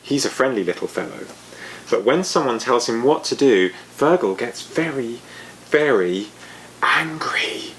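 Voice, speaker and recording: Expressive man reading children's stories. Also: mid-range voice, normal speed, a little hiss or hum. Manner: gentle, chatty and expressive. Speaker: bookshop storyteller.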